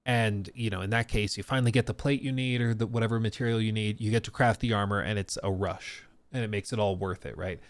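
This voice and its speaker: A man's voice: lowish voice, fairly even intonation, fast talker, few pauses, no room sound. A man streaming a casual reaction commentary, talking in long rambling stretches full of restarts and fillers.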